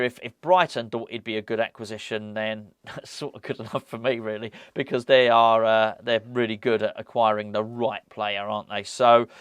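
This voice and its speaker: A man's voice: mid-range voice, fairly bright tone, dry recording. A man hosting a football fan channel, giving casual, enthusiastic commentary full of restarts. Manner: chatty, enthusiastic, many restarts.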